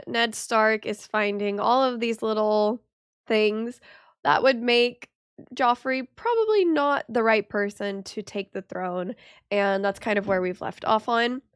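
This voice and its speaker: A young woman with a congested, stuffy voice chats casually to her viewers, rambling along with plenty of fillers. Her voice sits a little high and the recording is dry and close. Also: clean tone, dry recording. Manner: chatty, rambling with many ums and likes. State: congested from a cold. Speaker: reaction channel host. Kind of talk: casual chat to camera.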